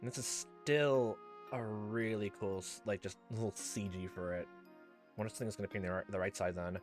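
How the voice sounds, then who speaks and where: A man's voice: lowish voice, quick pace, faint music behind. A young man casually reading and commenting through a story game, rambling with lots of fillers and exclamations. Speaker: let's play host.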